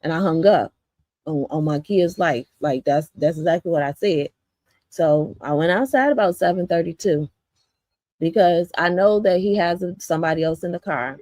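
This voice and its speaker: A woman's voice: on the low side, normal speed, a little mellow, dry recording. A woman from Chicago's south suburbs, a community vlogger, telling her viewers a story in a blunt, profane, rambling way with lots of fillers.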